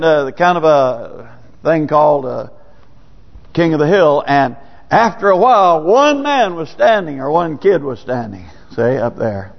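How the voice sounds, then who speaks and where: A man with a high voice delivers a folksy, conversational sermon, swinging his voice up and down. The recording is dull and lo-fi. A long reverb hangs behind him from the church sanctuary. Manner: folksy, conversational preaching with sudden rises. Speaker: preacher.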